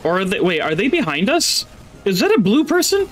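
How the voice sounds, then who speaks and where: A man giving rambling, excitable live commentary on a game he is streaming into a headset, his voice jumping high when surprised. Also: fairly quick, faint music behind.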